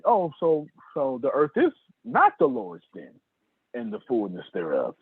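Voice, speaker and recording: Man preaching a sales lesson on a call, husky, dry tinny sound. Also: medium pitch, measured pace, dry recording. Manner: animated, preacher-like, calls on listeners by name. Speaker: sales trainer. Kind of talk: sermon-style sales lecture. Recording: tinny dry phone-like line.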